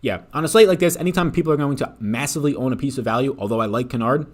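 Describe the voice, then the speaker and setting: Brief: male stream host, rapid-fire casual delivery, swears a lot, mid-pitched. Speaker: fantasy sports picks host. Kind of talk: live-stream sports betting talk.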